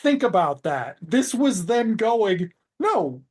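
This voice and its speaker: A man's voice: high-pitched, expressive, a little slow, darkish tone. A man co-hosting a podcast, recapping scenes in a rambling, sarcastic way, with swearing and trailing asides. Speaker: podcast co-host. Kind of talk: casual podcast chat.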